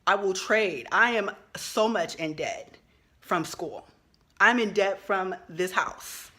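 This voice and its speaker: A woman's voice: mid-range voice, takes it slowly, pushed and bright. A woman in her thirties, a social worker, giving a passionate vlog monologue, emphatic and swearing freely as she builds to outbursts.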